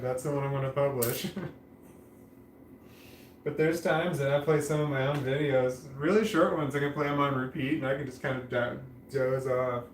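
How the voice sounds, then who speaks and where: A man vlogging casually to camera, speaking in a flat, droning monotone with a slight lisp on his S sounds and frequent restarts. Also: medium pitch, roomy sound, noisy background.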